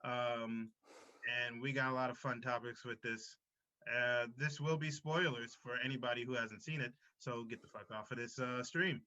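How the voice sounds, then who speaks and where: A man's voice: mid-range voice, moderate pace, bright, forceful tone. A man hosting a casual podcast, opening the show in a loose, joking way with some swearing. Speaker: podcast host. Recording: dull lo-fi sound.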